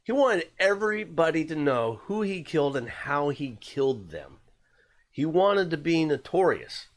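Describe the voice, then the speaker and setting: Man, podcast host, casual true-crime storytelling, slightly high voice, loose delivery with fillers and swearing. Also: big pitch swings, a little slow.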